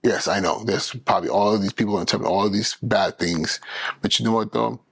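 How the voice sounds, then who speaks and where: A man hosting his own podcast, talking in an animated, emphatic way and often restarting his phrases. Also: on the low side, brisk, vocal fry, breathy edge, no room sound. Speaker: podcast host. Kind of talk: casual solo podcast monologue.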